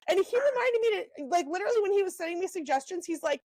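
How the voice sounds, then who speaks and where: Young woman podcaster, high voice, dry close mic, rambling animated storytelling. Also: dry recording, low-quality recording. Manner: animated storyteller, lots of "um" and "like", quick asides. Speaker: podcast co-host. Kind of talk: casual storytelling chat.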